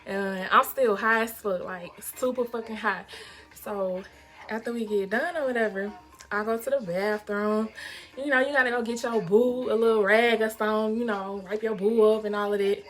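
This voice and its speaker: A young woman telling a story to her viewers in a casual, animated, profane way, laughing often. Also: mid-range voice. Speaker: vlog host telling a story.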